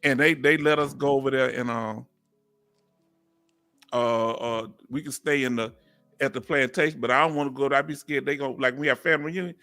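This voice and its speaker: A man from Houston with a Southern Texas accent, hosting a live stream in a folksy, drawn-out storytelling way. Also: mid-range voice, fairly even intonation, bright, forceful tone, faint music behind. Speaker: host.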